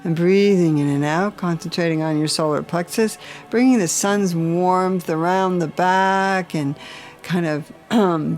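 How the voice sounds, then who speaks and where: A woman's voice: on the low side, a little mellow. A woman leading a guided chakra meditation, giving soothing breathing cues and intoning mantras.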